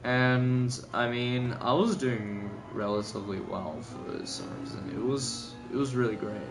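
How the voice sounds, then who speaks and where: A man's voice: medium pitch, unhurried. A young man talking casually over a replay of his own race, rambling and correcting himself, sleepy and yawning. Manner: rambling, filler-heavy, self-correcting. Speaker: gaming video commentator. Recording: gameplay music behind.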